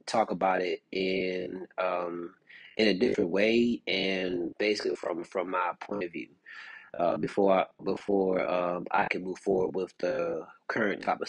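Low husky-voiced man hosting a podcast. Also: no echo. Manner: rambling, with many fillers and restarts. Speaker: podcast host. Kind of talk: casual commentary monologue.

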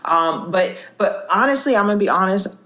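A woman co-hosting a faith podcast, telling stories in a lively way and acting out the people in them. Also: mid-range voice, brisk. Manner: animated storyteller, acts out quoted voices. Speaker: co-host. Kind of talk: faith podcast chat and storytelling.

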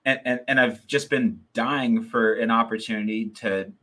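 A man hosting a podcast in a relaxed, friendly way. He jokes easily and often stumbles over his first words before a thought comes out. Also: medium pitch, normal speed. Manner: friendly, joking, repeats words when starting sentences. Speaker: podcast host. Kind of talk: casual interview chat.

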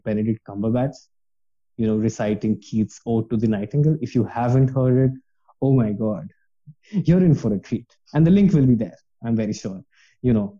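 A man's voice: mid-range voice, dark tone, dull audio. A man talking earnestly and passionately about reading poetry, rambling with many fillers in a casual podcast chat.

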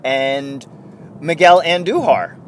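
Rambling, animated male podcast host. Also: fairly high pitch, slow pace, a little hiss or hum. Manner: rambling, self-correcting, chatty. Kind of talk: casual sports podcast chat.

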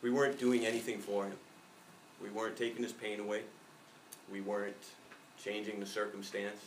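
A man's voice: lowish voice, little pitch movement, moderate pace, echoey room, recorded from a distance, a little hiss or hum, poor audio. A middle-aged male pastor giving a reflective sermon, telling a personal story.

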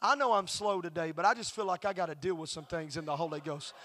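Male preacher, high voice, bright ringing tone, storytelling sermon that climbs into shouting. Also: fast. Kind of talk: Pentecostal youth convention sermon.

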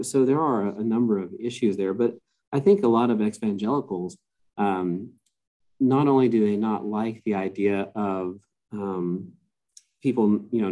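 Low mellow-voiced man, hesitant. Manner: hesitant, many fillers and restarts. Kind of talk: casual podcast conversation.

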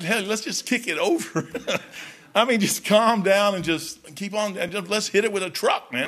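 A man's voice: sits high, moderate pace. A man preaching a folksy, storytelling sermon as pastor, peppering his talk with "man". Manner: folksy, storytelling, animated, says "man" often.

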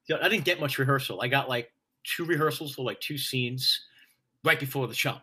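Guy w a bright forceful voice, swears a lot, laughs while telling a story. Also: medium pitch, fairly quick, breathy edge. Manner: profane, laughing, energetic storyteller. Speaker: stage actor, guest. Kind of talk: casual storytelling in a conversation.

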